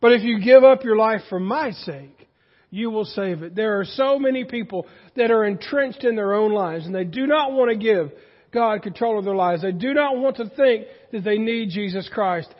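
High-voiced pastor preaching in an echoing church. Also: male voice, normal speed, dull audio. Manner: conversational, asks the congregation questions. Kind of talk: sermon.

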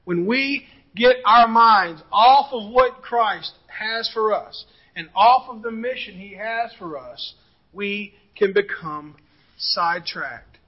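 A male pastor delivers a sermon in a strikingly high voice, moving from story-joke illustrations to earnest appeals. The recording is muffled and lo-fi, like a church audio feed. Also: takes it slowly, breathy edge. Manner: storytelling preacher, jokey asides then earnest.

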